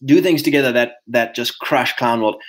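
A man hosting a casual livestream, talking to his viewers in an energetic, preachy way. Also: mid-range voice, normal speed, low-quality recording. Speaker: host.

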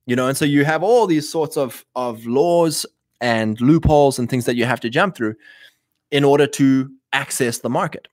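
A man's voice: medium pitch, normal speed, dry recording. Rambling man talking, dry sound. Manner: rambling, acts out quoted voices; frequent throat clearing and restarts. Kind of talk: casual monologue.

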